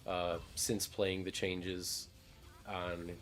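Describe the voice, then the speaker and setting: A man's voice: low-pitched, little pitch movement, drawn-out words, fairly bright tone, slight background noise. A man casually chatting over his gameplay as a streamer, laid-back and rambling, swearing now and then. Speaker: gaming streamer.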